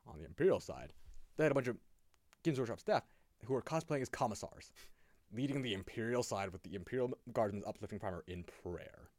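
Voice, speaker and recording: Brief: a male podcast co-host, rapid and animated, acting out quotes in a dry, close sound. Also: fairly low pitch, no room sound. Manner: excitable storyteller who acts out quotes, rambling with many fillers. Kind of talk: casual podcast chat.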